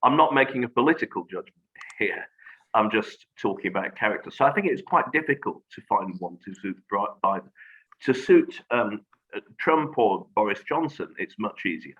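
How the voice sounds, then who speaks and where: A man speaking as a guest in a reflective conversation, measured and thoughtful, pausing on fillers. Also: lowish voice, animated, fairly bright tone, slightly rough. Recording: dull lo-fi audio.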